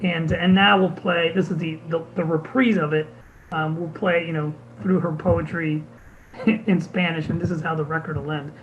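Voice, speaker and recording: A man's voice: fairly high pitch, fairly even intonation, normal speed, muffled recording, a little hiss or hum. A man, a bandleader, casually telling a story to an audience, acting out the voices of the people he quotes, with many restarts.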